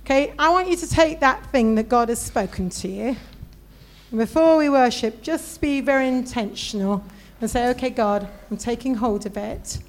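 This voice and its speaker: A woman preaching a sermon, telling stories with animated voices for the people in them. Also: fairly high pitch, normal speed. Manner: storytelling, animated, acts out voices in anecdotes.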